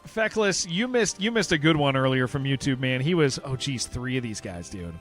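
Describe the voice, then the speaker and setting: A man's voice: mid-range voice, animated, normal speed, a bit bright, soft background music. A man streaming a game, chatting casually with viewers in a rambling, joking way and laughing often. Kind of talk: casual livestream chat while playing.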